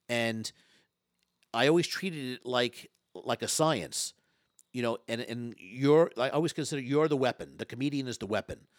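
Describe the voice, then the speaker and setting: Man, motor-mouthed hypnotist guest, loud, restarts a lot, dry close sound. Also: medium pitch, no echo. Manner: fast, loud and animated; frequent stammering restarts. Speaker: stage hypnotist and former comedian. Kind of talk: storytelling interview talk.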